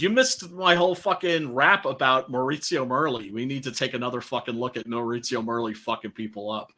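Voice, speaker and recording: A man's voice: fairly high pitch, bright, forceful tone. A man hosting a casual film podcast, rambling loosely with lots of fillers and swearing. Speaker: podcast host.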